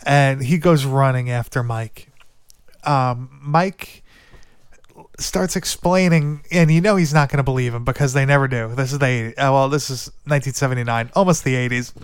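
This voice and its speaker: A man's voice: medium pitch, normal speed, clean tone, dry recording. A man casually recapping a movie plot on a podcast, rambling and swearing, with lots of "like" and "dude". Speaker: podcast co-host.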